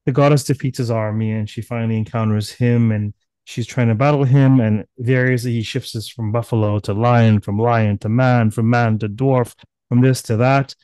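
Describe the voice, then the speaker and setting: Guy lecturing at a seminar, retells the myth with big swings up and down, mellow dark voice, dry sound. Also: mid-range voice, normal speed, clear, resonant tone, dry recording. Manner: lively, acts out the gods' voices with sudden loud bursts. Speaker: seminar speaker. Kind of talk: animated storytelling lecture. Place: online seminar.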